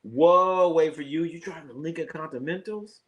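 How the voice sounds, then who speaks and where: A middle-aged man hosting a live sports stream, chatting casually with viewers and telling profane, animated stories. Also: a little high, a little fast.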